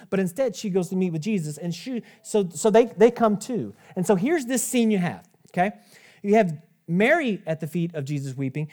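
A man in his thirties preaching a sermon, conversational and animated, often restarting and stepping aside to talk to the congregation. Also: high-pitched. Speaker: pastor.

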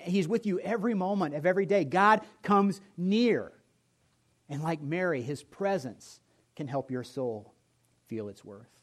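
A man preaching a sermon as pastor, telling stories with humor and shifting between loud and soft delivery. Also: a little high. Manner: storytelling with humor, lively swings in volume.

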